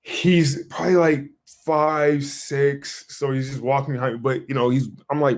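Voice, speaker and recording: A young man co-hosting a podcast, telling a story in casual chat, animated and swearing freely as he acts out what he said back then. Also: mid-range voice, normal speed. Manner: animated, swears a lot, acts out his own past lines. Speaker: podcast co-host.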